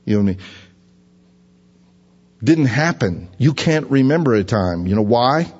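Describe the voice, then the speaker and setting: Guy preaching in a big echoey hall, kinda husky, dull lo-fi sound. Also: animated, a little slow, a little mellow. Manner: conversational, acts out imagined voices in a higher pitch. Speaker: pastor. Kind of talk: sermon.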